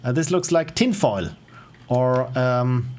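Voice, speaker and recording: A man with a medium-pitched, expressive, slightly mellow voice speaks slowly with a German accent, being a native German speaker. He's a game developer chatting casually on a livestream, rambling, interrupting himself, and chuckling often.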